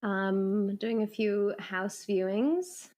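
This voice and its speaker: A woman's voice: mid-range voice, very slow, a little mellow. A woman co-hosting a podcast, chatting casually in a hesitant, giggly way. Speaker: podcast co-host. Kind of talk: casual chat.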